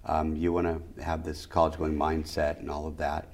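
A middle-aged man with a very low, deep voice, talking as an educator in an interview. He hammers his points home, stacking short phrases into rhythmic lists. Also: monotone, a little fast, a little mellow. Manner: emphatic, repeats key phrases in rhythmic lists. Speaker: educator and school leader. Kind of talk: interview conversation.

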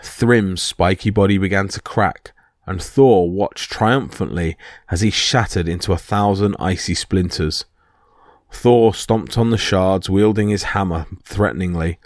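A man hosting a podcast, reading a myth as steady scripted storytelling. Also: deep voice, a little slow, dry recording, clean studio sound. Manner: steady reading with small slips. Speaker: podcast host and narrator.

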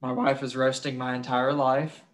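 A man's voice: medium pitch, little pitch movement, normal speed. A young man co-hosting a casual podcast, crude and joking, swearing freely. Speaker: podcast co-host.

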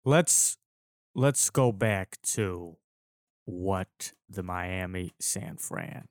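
A low-voiced man on a sports podcast who talks very slowly and calmly and steers the discussion. His voice is recorded close and dry. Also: dry recording. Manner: unhurried, steering the talk. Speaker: podcast co-host. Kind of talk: casual sports chat.

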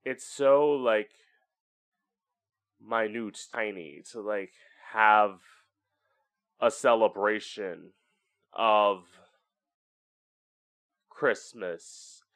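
Very slowly, with long pauses, a man with a lowish, fairly bright voice hosts his own podcast at home. He talks candidly and casually on his own, swearing often and doing voices for effect.

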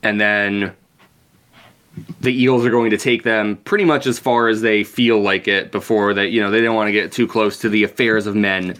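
A man with a fairly low voice chats through a book recap on a podcast. He is laid-back and loose, swearing now and then. His talk is full of fillers and restarts. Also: fairly even intonation, moderate pace, fairly bright tone. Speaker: podcast co-host. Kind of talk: casual book-club chat.

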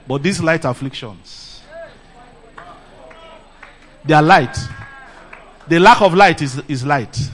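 A middle-aged man from Nigeria with a Nigerian accent, preaching a lively sermon and laughing often. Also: fairly high pitch. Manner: animated, laughs often, calls "Praise the Lord". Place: church camp meeting.

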